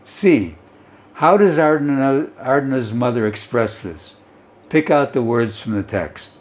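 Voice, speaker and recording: Male teacher, mid-pitched voice, walks students through a story and keeps checking in. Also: lively intonation, slow pace. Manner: explanatory, keeps checking in with "okay?". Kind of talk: explaining a story lesson.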